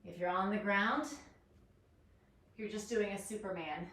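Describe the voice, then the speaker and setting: A woman fitness instructor with a medium-pitched, slightly bright voice speaks at a measured pace while leading a home workout. Upbeat and encouraging, she counts down reps and cheers viewers on. The audio is echoey, from a distant mic with faint noise.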